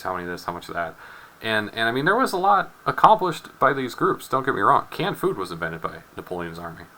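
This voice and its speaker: A man's voice: sits low, sharp tone, rough recording. A man teaching a chemistry lecture in a loose, joking way, rambling into asides and often repeating his words. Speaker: chemistry instructor. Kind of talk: casual recorded lecture.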